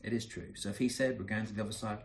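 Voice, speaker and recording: A man delivering a sermon in a slightly low voice. He speaks earnestly, leans on repeated phrases for emphasis, and often falls quiet and soft between his stronger lines. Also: fairly even intonation, racing. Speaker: preacher.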